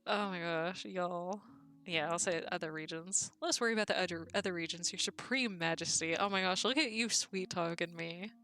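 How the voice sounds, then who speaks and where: Bright-voiced giggly woman streamer. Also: on the low side, normal speed, gravelly. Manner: giggly, often laughing and reacting to chat. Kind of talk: casual live-stream chat and reading game text aloud.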